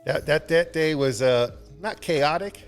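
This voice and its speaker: A man guesting on a podcast, telling rambling anecdotes in relaxed, casual conversation. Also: on the high side, unhurried, soft background music. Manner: laid-back, rambling anecdotes with laughs.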